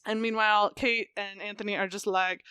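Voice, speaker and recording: Bright, crisp-voiced woman recapping with gusto. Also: mid-range voice, little pitch movement, no room sound. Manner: fast, profane, joking storyteller. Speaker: podcast co-host. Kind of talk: casual chat, comic plot recap.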